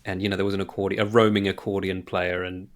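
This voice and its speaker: A man in his thirties co-hosting a podcast, chatting casually and telling animated stories about his daughter, with plenty of swearing. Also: low-pitched, fast talker. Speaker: podcast co-host. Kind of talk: casual chat.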